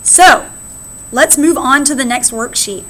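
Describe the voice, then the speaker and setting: An American woman teacher walks through history slides in a recorded lesson, often tagging "right?" onto her points. Her voice sits a little high. A faint hiss of noise runs under the recording. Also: normal speed, fairly bright tone. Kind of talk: recorded classroom lecture.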